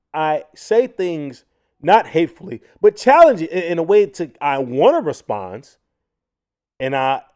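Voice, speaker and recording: Male livestream host, mellow tone, animated delivery full of restarts, chatty. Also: on the high side. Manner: animated, frequent restarts, addresses viewers as y'all. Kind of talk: casual commentary livestream.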